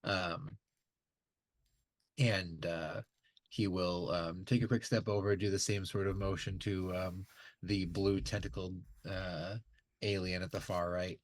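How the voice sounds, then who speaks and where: A man narrating as game master, halting with many fillers. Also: deep voice, little pitch movement.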